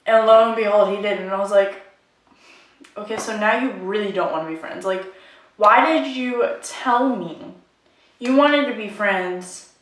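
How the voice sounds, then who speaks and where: A woman's voice: mid-range voice, unhurried. A young woman vlogger ranting casually to camera, frustrated and rambling, saying "like" often. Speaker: makeup vlogger. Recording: echoey room, mic at a distance.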